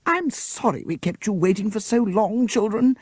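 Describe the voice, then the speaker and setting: A man's voice: high-pitched, moderate pace, breathy edge, no room sound, studio quality, pitched above the performer's own voice. A man voicing a flustered, absent-minded woman schoolteacher who talks breathlessly and fussily. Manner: breathless, indignant, fussy.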